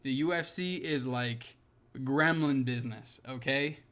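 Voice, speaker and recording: A man's voice: medium pitch, measured pace, a bit bright. A young man ranting heatedly to camera, exasperated and emphatic, swearing constantly. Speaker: MMA commentary vlogger.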